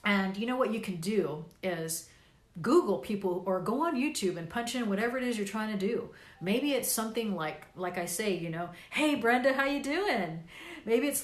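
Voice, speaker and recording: A woman's voice: medium pitch, reverberant. Tired woman giving a rambling pep talk. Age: older. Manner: encouraging, rambling, lots of fillers. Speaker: vlogger and podcast host. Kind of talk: casual live video talk.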